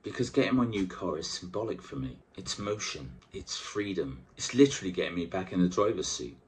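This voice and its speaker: A man's voice: deep voice, animated, fairly quick. Sweary man giving a pep talk. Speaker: weight-loss coach and vlogger. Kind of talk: casual motivational vlog.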